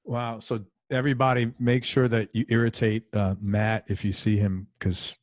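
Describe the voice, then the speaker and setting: A man's voice: on the low side, level tone, moderate pace, no room sound. Chatty male interview host, dry sound. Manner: friendly, chatty, enthusiastic. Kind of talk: casual interview chat.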